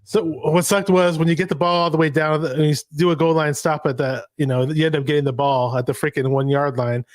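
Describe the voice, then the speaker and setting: A man hosting a live sports reaction show, recapping a game in an excited, rambling way. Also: on the high side, a little fast, few pauses, no echo, clean studio sound. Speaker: podcast host.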